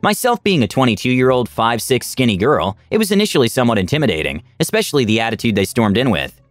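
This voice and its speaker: A man narrating written first-person stories in a scripted, animated storytelling manner, voicing each quoted person in turn. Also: medium pitch, fast, no room sound.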